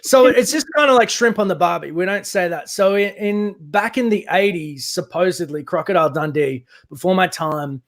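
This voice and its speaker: A man's voice: sits high, normal speed, hardly any pauses. A young Australian man with an Australian accent, chatting animatedly in a casual stream and rambling through explanations.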